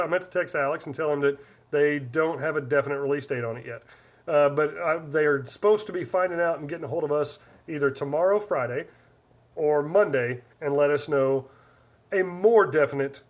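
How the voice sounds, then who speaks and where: A man in his forties hosting a live stream, chatting casually and reading viewer comments aloud in a rambling way. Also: fairly high pitch. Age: 40s. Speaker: livestream host.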